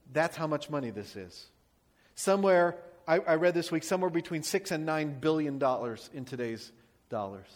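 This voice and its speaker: A man preaching a sermon as a pastor, telling a story with lively emphasis and dropping to quiet, soft lines for his points. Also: a little high. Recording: long hall reverb.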